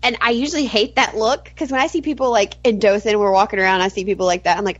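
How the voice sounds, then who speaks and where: A woman co-hosting a podcast, bubbly and giggly, gushing with animated energy. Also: medium pitch, fast, hardly any pauses, dry recording. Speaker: podcast co-host. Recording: dull lo-fi audio.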